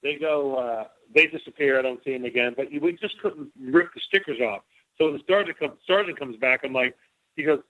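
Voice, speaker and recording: A middle-aged man, a former White House officer, tells rambling stories in a casual interview and acts out both sides of each exchange. His voice sits at an ordinary pitch. It comes through a narrow, tinny phone line. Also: fairly quick. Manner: rambling anecdotes, acting out both sides of dialogue.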